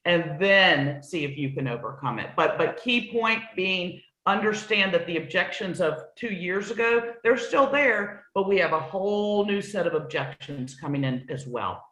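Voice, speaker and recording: A woman's voice: lowish voice, expressive, moderate pace, hardly any pauses, fairly bright tone. Earnest woman sales coach in an echoey room. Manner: earnest, emphatic, repeats points for stress. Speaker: new home sales trainer. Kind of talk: conversational sales coaching talk. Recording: roomy echoey sound.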